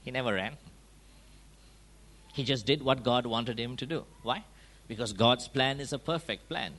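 A man delivers a sermon at a medium pitch with a fairly bright tone, hammering his points with rhetorical questions and quick checks like "huh?" and "yeah?". His manner is emphatic, and his volume keeps rising and dropping for emphasis.

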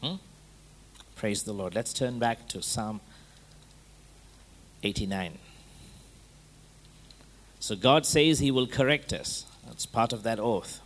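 A man preaching a sermon in a conversational way, checking in with his listeners through quick rhetorical questions. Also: mid-range voice.

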